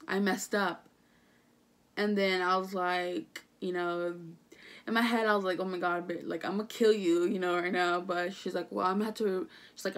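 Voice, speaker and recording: A young woman telling her own story in a casual storytime vlog, chatty and rambling, full of fillers, restarts and casual swearing. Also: medium pitch. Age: young adult. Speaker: vlogger.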